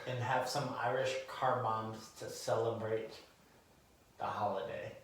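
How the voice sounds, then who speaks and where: A man drawling through stories at an unhurried pace, dry and crude in his humor. He sounds well away from the mic, with the room echoing around him. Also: lowish voice, a little hiss or hum. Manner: slow, deadpan storytelling with crude humor. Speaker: podcast co-host. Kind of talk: casual chat. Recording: echoey room, mic at a distance.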